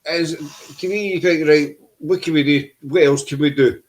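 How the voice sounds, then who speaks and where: A man's voice: on the high side, steady tone, normal speed. A man hosting a casual paranormal chat show over a video call, with joking banter. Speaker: podcast host.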